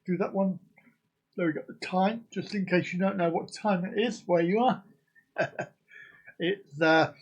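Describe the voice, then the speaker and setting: A man's voice: sits high, a little slow, long pauses, slightly rough. A man hosting a casual live stream, rambling and joking as he chats to his viewers. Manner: jokey, rambling, sings and laughs along.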